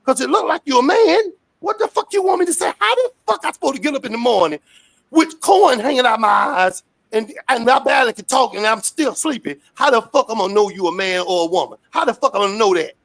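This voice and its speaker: Gravelly, fiery man for a street interview rant, loud and profane. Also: extremely high pitch, lively intonation, fast. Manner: fiery, profane, shouting rants.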